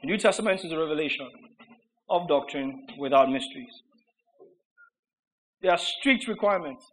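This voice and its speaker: A man preaching a sermon, emphatic and rhetorical, with mocking repetition that swings between shouted lines and low asides. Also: animated, normal speed, noisy background.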